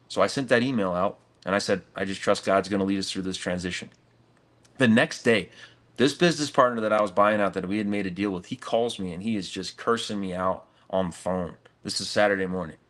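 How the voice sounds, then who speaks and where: A man's voice: on the low side, fairly bright tone. A middle-aged man, a gym owner, telling a story earnestly in a casual interview, saying "dude" and "man".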